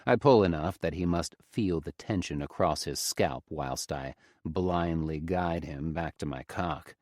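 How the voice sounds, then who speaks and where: A man narrating a romance audiobook in the first person, with a low, intimate storytelling delivery on a close studio mic. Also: a little slow, darkish tone, no room sound.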